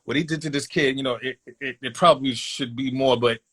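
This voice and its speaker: A man telling a long personal story in a casual, animated way, acting out voices in quotes. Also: medium pitch, fairly quick, husky.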